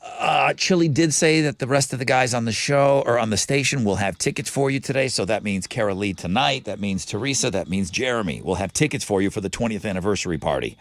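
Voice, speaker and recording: A man's voice: fairly low pitch, fairly quick, few pauses, no echo. A man hosting a morning radio show, chatting casually and rattling off promos and jokes. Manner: lively, jokey, rattles off promos. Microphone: studio microphone.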